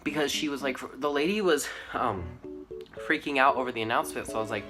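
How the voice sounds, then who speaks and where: A man's voice: mid-range voice, quick pace, music in the background. A teenage boy telling school stories to his channel in a rambling, casual way, full of "like" and "um". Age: teens. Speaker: vlogger. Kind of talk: casual storytelling to camera.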